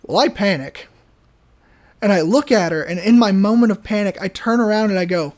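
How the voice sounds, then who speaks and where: A young adult man co-hosting a podcast, telling a story in an animated, casual way full of fillers and restarts. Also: sits high, brisk. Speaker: podcast co-host.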